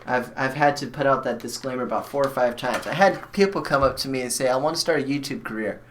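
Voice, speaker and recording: A man hosts a casual live stream, talking bluntly and rambling with restarts and fillers as he works on a build. His voice sits at an ordinary middle pitch. A light hiss of background noise runs under it. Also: fast talker, fairly bright tone.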